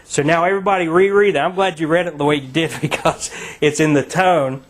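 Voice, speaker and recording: A man's voice: fairly high pitch, fairly even intonation, brisk. A man with a slightly raised voice leads a Bible study. He talks conversationally with fillers and then presses his points with emphasis. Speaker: Bible teacher. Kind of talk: sermon-style Bible study.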